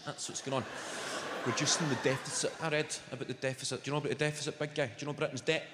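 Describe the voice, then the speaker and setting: This stand-up from Scotland, speaking with a Glaswegian accent, swears freely and chats with the audience in a large venue. His slightly high voice races along against a noisy background, and the echoey hall rings with big laughs.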